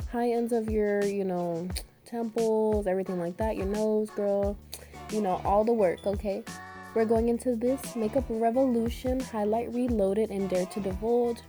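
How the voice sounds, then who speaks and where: A young woman talks viewers through a makeup look, chatty and upbeat, calling them beauties and girl. Her voice is mellow and slightly rough from a recent illness, with faint music playing underneath. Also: medium pitch. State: getting over an illness, voice a bit harsh. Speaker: beauty vlogger. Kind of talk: makeup tutorial voice-over.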